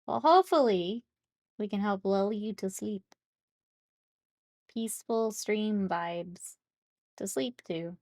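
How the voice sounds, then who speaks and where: A woman's voice: mid-range voice, slow pace, long pauses, a little mellow, no echo, clean studio sound. A woman streaming while she paints miniatures, chatting playfully with viewers and laughing often. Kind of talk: casual chat with live chat while painting.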